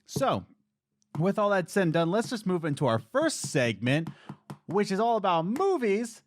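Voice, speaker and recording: Animated male podcast host, very expressive pitch. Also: a little hiss or hum. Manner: animated, jokey, quick voice changes. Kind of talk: casual chat.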